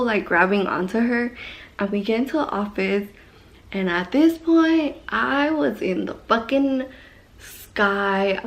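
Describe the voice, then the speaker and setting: A young woman tells a story straight to camera, animated and loose. She swears freely and wanders into side comments as she talks. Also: medium pitch. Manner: animated, swears a lot, rambling asides. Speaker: vlogger. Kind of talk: casual story time.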